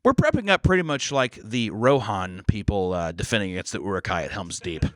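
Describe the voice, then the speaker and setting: A young man co-hosting a podcast, telling a story in a casual, animated way, swearing freely and acting out quotes. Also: fairly low pitch, fairly quick, no room sound, studio quality. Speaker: podcast co-host.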